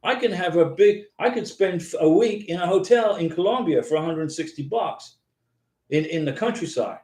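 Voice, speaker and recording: A man rambles his way through a live stream, repeating himself and calling viewers by name as he answers their comments. His voice sits fairly high for a man, and the room around him rings with echo. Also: lively intonation, moderate pace, a little mellow. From United States. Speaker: host of a live visa advice stream.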